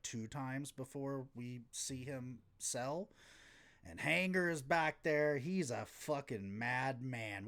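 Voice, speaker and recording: A man's voice: mid-range voice, fairly bright tone. Profane, rambling male podcast host. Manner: sarcastic, rambling, swears often. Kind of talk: casual wrestling recap, profane.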